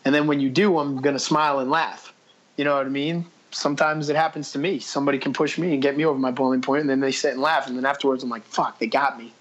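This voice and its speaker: A man's voice: medium pitch, flat delivery, fast talker, a bit bright, lo-fi sound. A man guesting on a podcast, telling stories in a blunt, profane way and acting out his own past lines. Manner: profane, quotes himself with "I was like"; blunt and brash. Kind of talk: casual interview storytelling.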